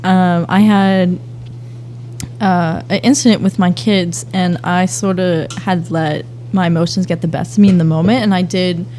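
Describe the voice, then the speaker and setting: A woman in her twenties from the Boston area, a podcast guest talking casually and softly, with lots of fillers like "um" and "like". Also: fairly low pitch, moderate pace, slight background noise. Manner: soft-spoken, relaxed, lots of "like" and "um". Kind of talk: casual interview chat.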